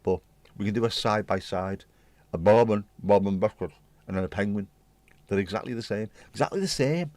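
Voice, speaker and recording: Man, lowish voice, dry close sound, rambling jokey livestream chat. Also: darkish tone, dry recording. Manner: rambling, jokey, swears casually. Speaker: livestream host. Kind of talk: casual chat with viewers.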